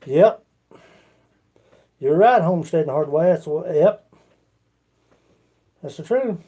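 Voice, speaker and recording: A man's voice: on the high side, expressive, slow pace, dark tone, breathy edge. A man with an Appalachian accent, chatting casually with his livestream viewers in a rambling, folksy way. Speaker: livestream host.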